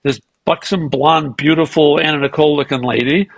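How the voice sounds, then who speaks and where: Male guest, gravel in the voice, slightly raspy; spins anecdotes, plays every part, swears freely. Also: fairly high pitch, normal speed, no echo, lo-fi sound. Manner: animated anecdotes, acting out quoted dialogue; profane and self-mocking. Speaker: podcast guest. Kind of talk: casual storytelling interview.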